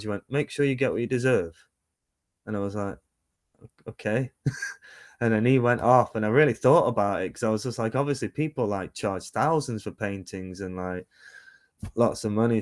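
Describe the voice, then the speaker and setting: A man's voice: on the low side, dry recording, clean studio sound. A man in his thirties, a musician and painter, talking casually in an interview over a video call, rambling with many fillers and restarts. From United Kingdom. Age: 30s.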